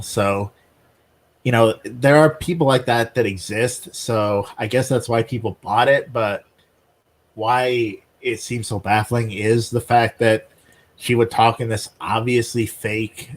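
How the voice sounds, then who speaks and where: A man co-hosting a podcast, chatting casually and explaining things in halting bursts full of "uh" and "like". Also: lowish voice. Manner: halting, many fillers and restarts while explaining. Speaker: podcast co-host. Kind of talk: casual chat.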